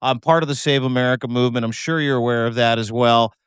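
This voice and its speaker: Admiring man from Canada, smooth voice. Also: mid-range voice, fairly even intonation, fast, no echo, studio quality. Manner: admiring, restarts a lot. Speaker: co-host. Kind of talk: casual chat.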